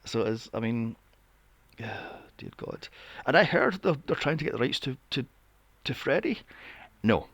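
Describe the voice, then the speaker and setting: A man's voice: medium pitch, sing-song, measured pace, pauses often, fairly bright tone, slightly rough, dry recording. A man hosting a podcast, ranting about films in a casual, exasperated and profane way. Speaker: podcast host. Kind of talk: casual film review rant.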